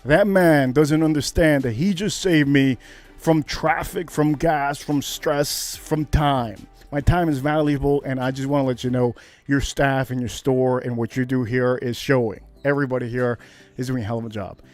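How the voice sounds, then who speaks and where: A man hosting a livestream, telling a story to his chat in a loose, excitable way with loud bursts and swearing. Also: mid-range voice, normal speed, soft background music. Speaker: livestream host. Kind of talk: casual storytelling to a live chat.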